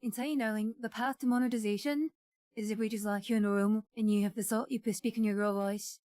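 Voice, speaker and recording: A woman co-hosting a live stream in loose, casual chat. Her voice sits high and lively as she teases and calls her partner darling. The sound is dry and close, with no room around it. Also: brisk, no echo. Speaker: streamer co-host.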